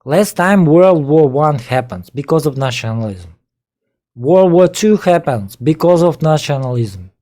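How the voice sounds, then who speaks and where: A man's voice: fairly high pitch, warm tone. A man with a Russian accent whose first language is Russian, giving reaction commentary on a played video and firing exasperated rhetorical questions in broken English. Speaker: political commentator.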